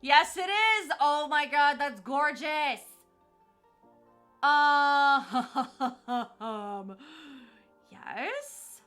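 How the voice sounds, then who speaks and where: A woman's voice: high voice, very slow, pauses often, fairly bright tone, faint music behind. A young woman chatting to her viewers on a live stream, bubbly and gushing, laughing often.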